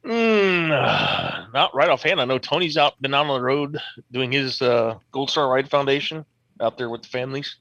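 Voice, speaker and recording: A man speaking as a podcast guest in an earnest, easygoing way. His speech is full of fillers and the occasional swear word. His voice is bright and forceful, and the sound is dry and close. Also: medium pitch, lively intonation, normal speed, no room sound, muffled recording. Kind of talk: casual chat.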